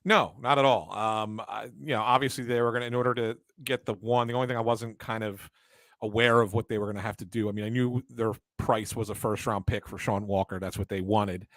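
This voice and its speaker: A man's voice: lowish voice, steady tone, a little fast, a bit bright, dry recording. A man co-hosting a casual sports talk show, working through his analysis at length and restarting his sentences often. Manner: analytical, explains at length with many fillers and restarts.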